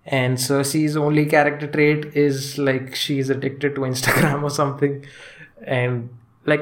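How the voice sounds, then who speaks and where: Man, casual movie review, halting, stumbling restarts, chuckles often, average pitch. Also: flat delivery, a little hiss or hum. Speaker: film reviewer.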